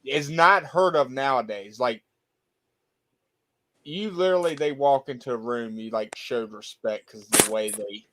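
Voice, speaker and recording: A man co-hosting a podcast, telling stories in relaxed casual chat and laughing easily. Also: mid-range voice, measured pace, slight background noise. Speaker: podcast co-host.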